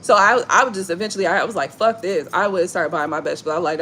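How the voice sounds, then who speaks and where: A woman's voice: medium pitch, rapid-fire, hardly any pauses, slight background noise. A woman, chatting casually to viewers on a live stream, telling stories with lots of swearing and laughter. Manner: animated storytelling, swearing, frequent laughter. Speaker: tarot reader hosting a live stream.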